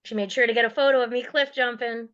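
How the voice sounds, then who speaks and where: A woman's voice: fairly high pitch, steady tone, quick pace, fairly bright tone, clean tone, lo-fi sound. A woman giving a candid personal testimony in a raw, blunt and profane way, with bitter sarcasm. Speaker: guest sharing her survivor story.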